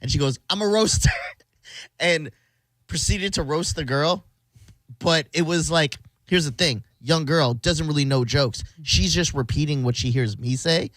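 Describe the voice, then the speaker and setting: Radio host guy, mid pitch, chuckles thru his stories, dry studio mic. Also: measured pace, a bit bright, no room sound. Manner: rambling storyteller, laughs through his stories. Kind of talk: casual on-air chat.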